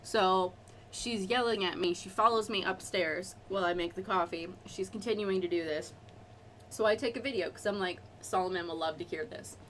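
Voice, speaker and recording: A woman talks through a relaxed Bible study on a live stream, rambling and chatty, at a mid pitch with a faint hiss behind her. Her talk wanders through asides and fillers as she works her way to each point. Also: moderate pace.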